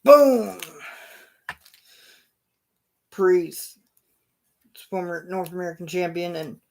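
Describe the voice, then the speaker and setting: A man hosting his own show, narrating imagined wrestling action in a casual play-by-play, punctuated with loud sound-effect bursts. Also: fairly high pitch, fairly even intonation, takes it slowly. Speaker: show host.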